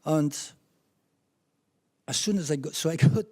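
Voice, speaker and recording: A man in his seventies from France with a French accent, telling anecdotes from his career as a chiropractor in a lively, laughing way. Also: on the high side, measured pace, no echo. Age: 70s. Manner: animated anecdotes with laughs, rising when excited. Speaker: chiropractor speaking at a conference. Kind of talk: storytelling talk.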